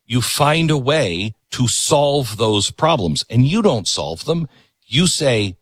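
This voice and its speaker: A middle-aged man holds forth as a talk show host, his voice rising and falling with lively swings. He hammers his points home and repeats words for emphasis. The sound is dry and close, with no room around it. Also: medium pitch, slow pace, breathy edge, dry recording. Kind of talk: political talk radio monologue.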